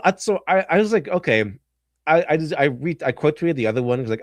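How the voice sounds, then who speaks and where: A man hosting a stream, commenting casually in a rambling, animated way and often breaking into laughs. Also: a little high, quick pace, no room sound. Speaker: stream host.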